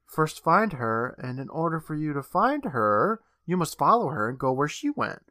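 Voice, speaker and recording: A man's voice: on the high side, big pitch swings, moderate pace, sharp tone, no room sound, clean studio sound, pitched above the performer's own voice. A man voicing a grumpy, cynical male magic shop owner while retelling an episode, in a drawling, dismissive way.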